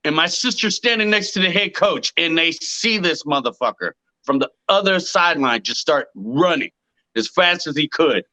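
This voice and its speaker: A man in his thirties hosting a podcast, chatting casually and telling profane, animated stories. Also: on the high side, moderate pace, rough recording. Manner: profane storyteller, animated retelling. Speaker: podcast host. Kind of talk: casual chat.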